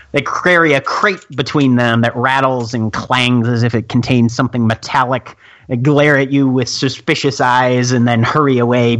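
A man narrating a tabletop role-playing game as game master, descriptive and unhurried, with small filler pauses. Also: medium pitch, a bit bright.

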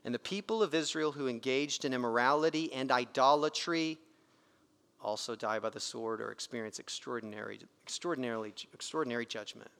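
A man's voice: mid-range voice, fairly quick, creaky, a bit bright. A man preaching a sermon in an emphatic, conversational way, his volume rising and dropping sharply. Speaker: pastor. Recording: reverberant hall.

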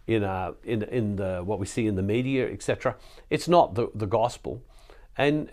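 A man's voice: mid-range voice, darkish tone. A man giving an earnest, reflective spiritual talk to believers, often restarting his sentences. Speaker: Catholic speaker and preacher. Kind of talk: sermon-style spiritual talk.

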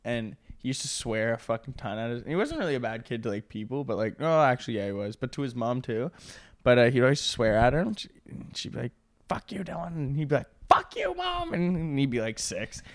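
A man in his twenties co-hosting a podcast, telling profane, joking anecdotes and mimicking people in quick asides. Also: medium pitch, animated, no room sound. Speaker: podcast co-host. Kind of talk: casual podcast banter.

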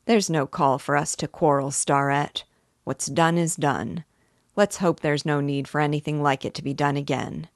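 Woman reading as a smooth scheming cattle baron. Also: sits low, no room sound, studio quality. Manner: smooth, persuasive. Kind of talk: reading a novel aloud.

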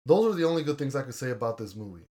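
A man's voice: medium pitch, sing-song, very fast, darkish tone. A young man hosting a casual podcast, reviewing a movie in a blunt, argumentative way and swearing casually. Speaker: podcast host.

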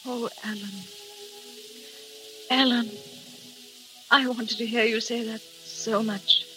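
An actress playing an eager, sharp-tongued young woman in love, in 1940s radio acting style. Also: on the high side, takes it slowly, soft background music. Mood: tender. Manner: excitable and teasing. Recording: old radio broadcast.

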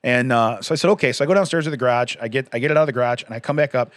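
A man's voice: medium pitch, very fast, no room sound. Dry-miked man telling a rambling story. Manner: rambling, laughs often while telling a story. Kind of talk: casual storytelling chat.

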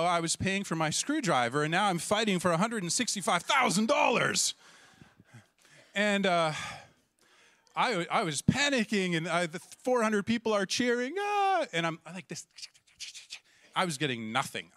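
A middle-aged man from Canada, a pastor telling a lively story in a sermon and acting out the voices in it. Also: sits high, normal speed, dry recording. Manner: animated, acts out voices and shouts in the story.

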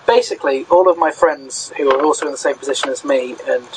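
A man's voice: mid-range voice, quick pace, a little hiss or hum, low-quality recording. A young man from Britain co-hosting a casual film discussion, chatty and thinking aloud with many fillers. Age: young adult. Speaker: podcast co-host.

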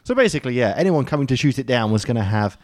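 A man's voice: medium pitch, sing-song, very fast, a little mellow, no echo. Man, casual podcast chat, rambling, hesitant delivery, dry close mic. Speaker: podcast co-host. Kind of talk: casual chat over beers.

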